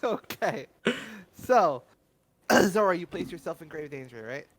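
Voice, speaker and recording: A man narrating as game master of a tabletop role-playing game, often pausing with fillers as he describes scenes. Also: on the high side, sing-song. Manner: halting, filler-heavy narration.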